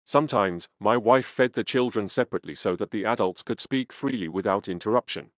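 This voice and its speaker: Low-pitched male narrator, dry studio read, steady and earnest first-person memoir delivery. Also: fairly quick, no echo. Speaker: audiobook reader.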